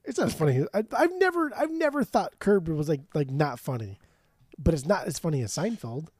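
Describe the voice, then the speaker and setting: A man co-hosting a music podcast, arguing and swearing with relaxed enthusiasm. His slightly high voice swings widely in pitch and has a mellow tone. It is recorded close and dry. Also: a little fast, breathy edge, no room sound. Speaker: podcast co-host. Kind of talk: casual chat.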